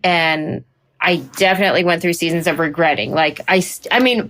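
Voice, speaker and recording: A woman comedian talking through an interview with a fairly low voice. She tells stories in an animated way and keeps slipping into playful put-on voices. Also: fairly quick. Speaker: comedian guest. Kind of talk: conversational interview.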